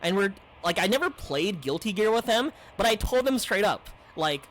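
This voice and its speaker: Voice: medium pitch, big pitch swings, normal speed, hardly any pauses, a bit bright. A game streamer chatting casually between play, rambling and laid-back, with plenty of fillers. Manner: rambling, laid-back, says dude and like a lot. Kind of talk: casual gameplay stream chat.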